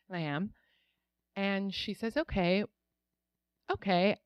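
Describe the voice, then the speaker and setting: A woman's voice: fairly low pitch, clean tone, no echo. A woman telling a true personal story on stage in a wry, conversational way, often laughing through her lines. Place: live storytelling venue.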